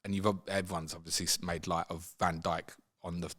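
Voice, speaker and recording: A man hosting a casual football chat, animated and swinging up high when he mimics players. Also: brisk. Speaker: football podcast host.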